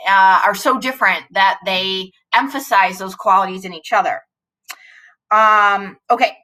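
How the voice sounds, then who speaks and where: A woman's voice: medium pitch, bright, forceful tone, poor audio. A woman teaching a play at home, reading lines aloud and then explaining them in a casual, chatty way.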